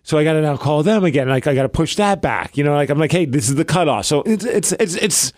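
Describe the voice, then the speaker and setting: A man in his thirties telling a story on a podcast, his voice a bit high and swinging widely up and down as he acts out what everyone said. The sound is dry and close, with no room around it. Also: quick pace, dry recording. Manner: animated storytelling, acts out quotes. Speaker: podcast co-host. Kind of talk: casual chat.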